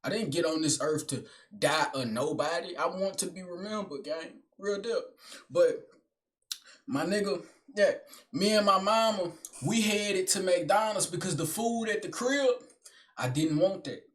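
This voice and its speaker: Young man, fairly high voice, casual storytelling, blunt, profane, slangy. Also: a little slow. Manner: slangy, blunt and profane, addresses listener as gang and bro. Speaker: vlogger telling a personal story.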